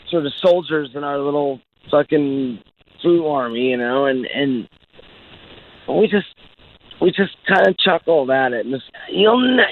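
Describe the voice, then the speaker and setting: Rambling man on a tinny line. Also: a little high. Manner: swears a lot, rambling and searching for words. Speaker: interviewed musician. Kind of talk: casual interview. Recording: tinny phone-like clip.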